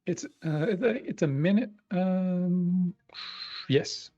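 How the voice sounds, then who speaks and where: A man's voice: high-pitched, takes it slowly, mellow, dry recording. Casual male tabletop player. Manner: joking, explains rules. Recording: dull lo-fi stream audio.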